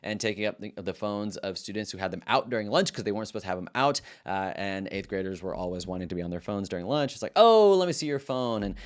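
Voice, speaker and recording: A male middle school teacher shares classroom stories in a relaxed, reflective way. His voice sits on the low side, and he trips over his words and restarts them as he thinks aloud. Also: fast talker, few pauses. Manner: earnest and reflective, loose with many restarts. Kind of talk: casual storytelling to camera.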